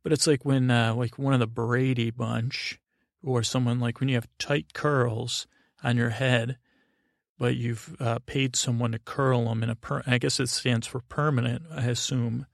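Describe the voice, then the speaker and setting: A man's voice: mid-range voice, little pitch movement, a little slow, vocal fry, no echo, clean studio sound. A middle-aged man hosting a podcast, telling a meandering bedtime story full of fillers and restarts. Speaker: podcast host.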